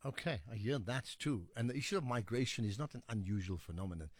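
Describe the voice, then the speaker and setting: A man hosts a call-in radio show, speaking fast and animated at a medium pitch into a studio microphone against a noisy background. He answers callers and argues his points firmly, building to emphatic appeals.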